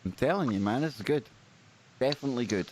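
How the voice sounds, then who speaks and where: A man hosting a live stream, chatting casually and reading out viewer names with excitable, rambling asides. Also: mid-range voice, fast, a little hiss or hum. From United Kingdom. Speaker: livestream host.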